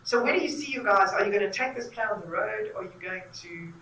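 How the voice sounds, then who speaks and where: A woman's voice: mid-range voice, quick pace, a crowd in the background. A woman interviewing theatre makers, talking effusively and at length. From South Africa. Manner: effusive, talkative. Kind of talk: enthusiastic conversational interview. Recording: echoey room, mic at a distance.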